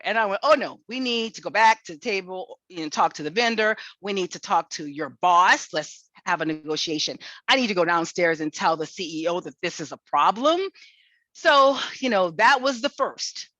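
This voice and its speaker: Woman lecturer, lowish voice, dry close sound, slightly dull recording, lively anecdotes. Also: moderate pace, no echo. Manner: lively storytelling, acts out quoted exchanges.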